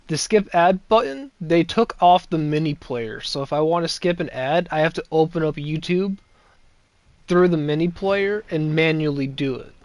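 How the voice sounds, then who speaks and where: A man's voice: fairly high pitch, normal speed, a little mellow, no room sound. A young man giving casual, rambling gameplay commentary with sarcastic asides and chuckles. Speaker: gameplay streamer.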